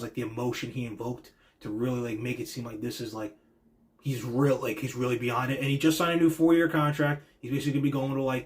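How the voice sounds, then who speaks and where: Rambling man giving casual wrestling reactions. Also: medium pitch. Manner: rambling, filler-heavy, opinionated. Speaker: podcast host.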